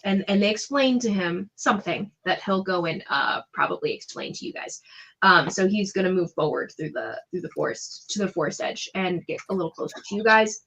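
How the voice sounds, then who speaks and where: A woman runs a tabletop game and narrates the scene in a loose, chatty way. Her voice sits at a middle pitch and leans on plenty of fillers. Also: fairly quick, fairly bright tone, lo-fi sound. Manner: descriptive, chatty, full of fillers. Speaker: game master.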